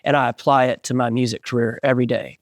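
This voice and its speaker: A man in his forties, a band singer, telling stories in an animated way as an interview guest and acting out the voices of people he quotes. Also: medium pitch, fast, no room sound, clean studio sound. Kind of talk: casual storytelling interview.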